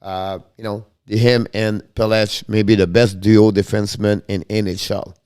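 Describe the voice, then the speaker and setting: A man hosting a casual hockey live stream, thanking viewers by name with many halting fillers. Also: on the low side, flat delivery, a little mellow, clear, resonant tone.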